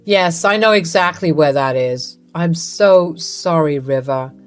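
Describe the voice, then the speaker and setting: A woman's voice: sits low, a little slow, faint music behind. A woman voicing an adult husband caught between his wife and his mother, speaking in an exasperated, questioning way. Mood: apologetic.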